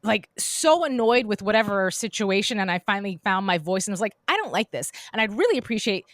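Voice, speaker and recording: A woman's voice: mid-range voice, a little fast, no room sound, clean studio sound. A woman co-hosting a podcast, telling a long personal story in a chatty, rambling way with many restarts. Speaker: podcast co-host. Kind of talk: casual chat.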